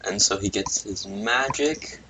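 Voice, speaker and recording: Man narrating a doodle story into a computer mic, slow and low, rambling with muttered asides, faint hiss behind. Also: bright, forceful tone. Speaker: video creator. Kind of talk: casual narration while drawing.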